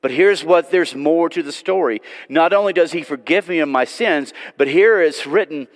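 A man's voice: a little high, moderate pace. Earnest pleading preacher, man, reverberant church. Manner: pleading, earnest, swings from loud to hushed. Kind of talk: sermon. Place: church sanctuary.

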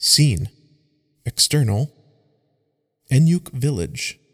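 A man narrating a scripted fantasy story, reading scene directions in a measured way. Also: mid-range voice, animated, in a large hall.

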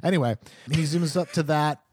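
A man's voice: fairly high pitch, fairly even intonation, moderate pace, a little mellow, breathy edge, no echo, studio quality. A man narrating a tabletop game as game master, teasing his players in a playful way.

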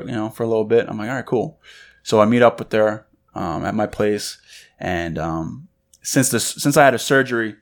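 Animated New man telling a story. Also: on the low side, quick pace, creaky. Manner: animated storytelling, acts out quotes. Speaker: podcast co-host. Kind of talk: casual chat.

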